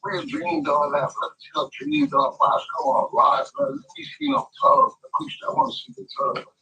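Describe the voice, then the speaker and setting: A man's voice: very high voice, huge pitch swings, normal speed, gravelly, bright, forceful tone, rough recording. A man ranting on a livestream, brash and profane, tacking "bro" onto nearly every line. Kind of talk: casual livestream rant.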